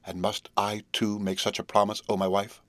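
A man's voice: on the low side, little pitch movement, moderate pace, a bit bright, no room sound. Man reading as a broken, pleading husband. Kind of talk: audiobook character reading.

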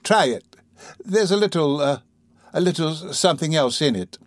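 A man reading aloud, voicing a flustered female workhouse matron in a high, breathless, whimpering voice. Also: lively intonation, unhurried, no room sound. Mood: coy.

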